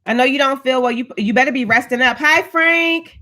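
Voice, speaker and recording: A woman's voice: sits high, brisk, pushed and bright. A woman hosting a casual live stream, chatting upbeat and greeting viewers one by one by name.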